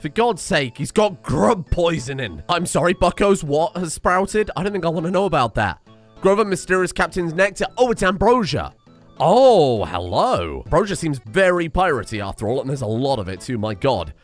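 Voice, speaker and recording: A little high and expressive, the voice belongs to a West Country man narrating a let's-play at a fairly quick clip. Faint music plays behind his joking, casual commentary, which is peppered with swearing.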